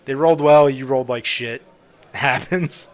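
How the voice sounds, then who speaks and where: A man's voice: mid-range voice, steady tone, moderate pace, a crowd in the background. A young man narrating as game master on a live stream, loose and joking with lots of fillers.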